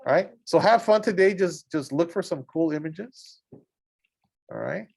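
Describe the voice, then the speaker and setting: A man teaches a school art and design class in a chatty, casual way, exclaiming enthusiastically over pictures as he browses them and often checking in with "right?". His voice is a little high and creaky yet slightly mellow, with lively intonation and a slightly slow pace.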